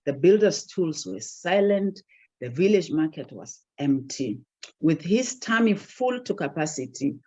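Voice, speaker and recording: Husky storyteller. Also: medium pitch. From southern Africa, Basotho. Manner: expressive, dramatic storytelling with swells in volume. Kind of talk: folktale storytelling. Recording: dull lo-fi recording.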